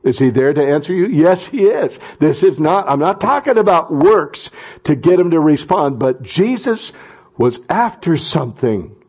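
A middle-aged man preaching a sermon as pastor, talking conversationally and then rising to loud impassioned cries. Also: fairly high pitch, sing-song, moderate pace, husky.

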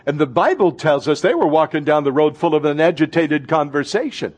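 A man preaching a fervent sermon as pastor, swinging between loud, urgent lines and hushed ones. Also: fairly high pitch, lively intonation, a little fast, husky.

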